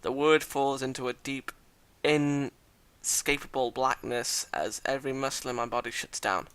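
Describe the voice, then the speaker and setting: A man reading a visual novel aloud in a dramatic voice, breaking off with loud exclamations, swearing and joking asides. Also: medium pitch, fairly even intonation, moderate pace, clear, resonant tone. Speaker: visual novel let's-play reader.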